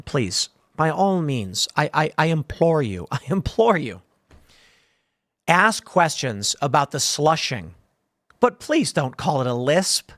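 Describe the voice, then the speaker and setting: A man's voice: on the high side, a bit bright, no room sound. A man hosting a commentary show, talking in a rambling, jokey way with lots of asides, from a studio room. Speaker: host.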